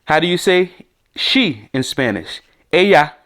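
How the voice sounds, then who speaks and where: A man's voice: fairly high pitch, sing-song, a little slow, a bit bright. A man teaching beginner Spanish words on a podcast, thinking aloud and repeating words for listeners to echo. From United States. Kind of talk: casual spoken lesson.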